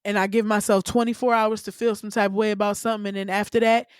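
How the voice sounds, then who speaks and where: A woman hosting her own podcast, talking candidly and with plenty of profanity, her voice leaping up in pitch when she gets worked up. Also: quick pace, smooth, no echo, studio quality. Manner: candid, profane, animated storytelling with sudden pitch jumps. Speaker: podcast host. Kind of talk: casual solo podcast monologue.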